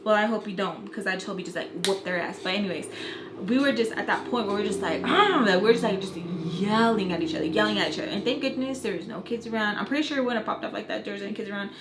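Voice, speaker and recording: A woman's voice: mid-range voice, rapid-fire. A young woman vlogger telling a heated story in casual chat, acting out quotes and swearing freely. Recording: roomy echo, faint background noise.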